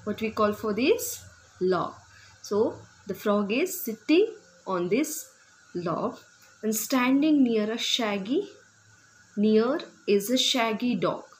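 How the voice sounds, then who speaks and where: Slow, patient teacher woman. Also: on the high side, expressive, poor audio. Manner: patient, repeats words and asks children simple questions. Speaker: primary school teacher. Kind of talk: slow classroom explanation to young children.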